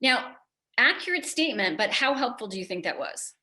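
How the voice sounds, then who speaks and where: A woman's voice: fairly high pitch, very animated, fairly quick, sharp tone. A middle-aged American woman giving a motivational talk to an audience, conversational and joking, often asking the listeners questions. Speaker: keynote speaker.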